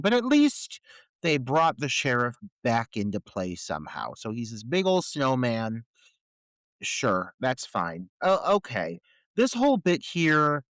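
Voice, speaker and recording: Animated, exasperated male podcast co-host. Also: medium pitch, no room sound. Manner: incredulous, profane, ranting about plot holes. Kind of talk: casual film review chat.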